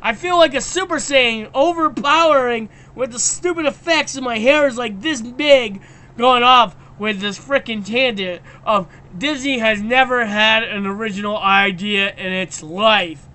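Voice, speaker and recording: A man hosting a live stream and ranting excitably in casual chat, stammering and restarting his sentences. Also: high voice, measured pace.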